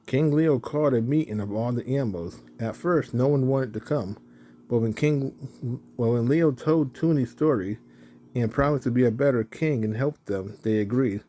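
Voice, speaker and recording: A man's voice: mid-range voice, moderate pace, mellow. A man reading a children's animal story aloud, correcting himself now and then as he goes. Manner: self-correcting reading with restarts.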